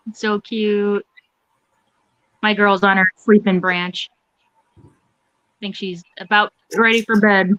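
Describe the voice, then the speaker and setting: A woman's voice: medium pitch, takes it slowly, long pauses. A young woman co-hosting a livestream, chatty and giggly, telling stories in casual chat. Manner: chatty and giggly, animated storytelling. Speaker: co-host. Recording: dry, dull lo-fi mic.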